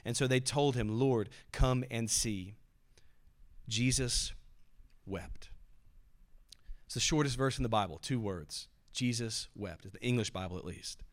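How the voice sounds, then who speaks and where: A man preaching a sermon with earnest delivery. He slows down to stress key phrases and goes soft and quiet on solemn words. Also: mid-range voice. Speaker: pastor.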